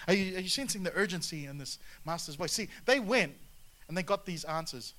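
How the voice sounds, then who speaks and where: A man delivers a lively sermon in a bright, forceful voice, pitched a little high for a man. He moves between scripture reading and animated asides, calling on the congregation to answer back. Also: a little fast. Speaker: pastor.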